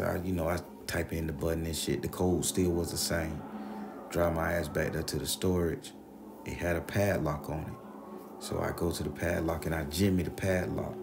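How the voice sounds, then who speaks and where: Low gravelly guy telling a crazy story, lots of cussing, faint music under it. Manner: animated, slangy, acts out the voices. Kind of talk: profane storytelling monologue.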